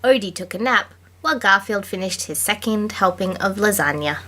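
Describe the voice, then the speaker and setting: A woman guest reading passages from a book aloud on a casual podcast, in an even, middle-pitched voice. Her manner is dry, and she laughs along with her co-host. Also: normal speed.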